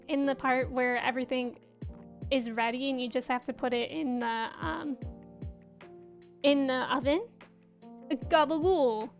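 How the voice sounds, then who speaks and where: A young woman streaming a farming game, chatting casually, giggling and greeting her viewers as she plays. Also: high voice. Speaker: livestreamer. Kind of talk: casual chat while playing a game. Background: faint game music.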